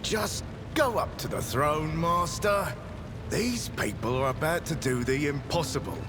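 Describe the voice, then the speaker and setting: A man's voice: on the high side, animated, measured pace, background noise. An actor voicing a pale, white-haired old ship's helmsman, anxious and pious, with an overdone put-on British accent that stresses each word. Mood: urgent. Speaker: video game voice actor. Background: game music.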